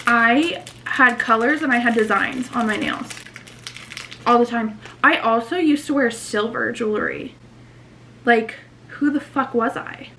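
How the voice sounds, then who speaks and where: Brief: young woman, slightly high voice, rambling chatty vlog at home, filler-heavy, faint hiss behind. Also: fairly bright tone. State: out of breath. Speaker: beauty vlogger. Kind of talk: casual chatty vlog to camera. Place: at home, indoors. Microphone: camera mic, later phone on a tripod.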